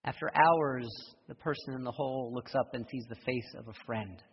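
A man preaching a sermon, telling a story with rising intensity and closing in soft prayer. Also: medium pitch, normal speed, slightly rough. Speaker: pastor. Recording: dull echoey hall from far off.

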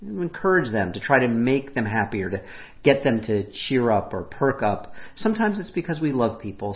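A man preaching as a pastor, speaking gently and unhurriedly, his voice dropping softly on heartfelt lines. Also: medium pitch. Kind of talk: reflective sermon. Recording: muffled lo-fi sermon audio.

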